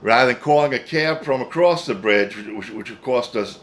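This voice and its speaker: A man's voice: medium pitch, normal speed, a bit bright. A man in his fifties telling a rambling, profane story casually, full of "anyway" asides. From New Jersey, USA. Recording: faint background noise.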